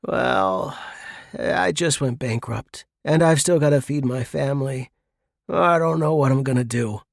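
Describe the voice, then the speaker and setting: Give me a weary, luckless man with a low, glum delivery, as a man acts him out. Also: unhurried, gravelly, no room sound, clean studio sound. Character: luckless, gloomy middle-aged man, worn down.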